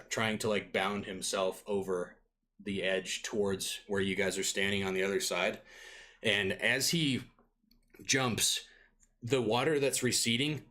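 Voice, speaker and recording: A man's voice: on the low side, fairly bright tone. A man narrating as dungeon master in a loose, improvised way, full of fillers and searching for words. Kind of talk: improvised tabletop game narration.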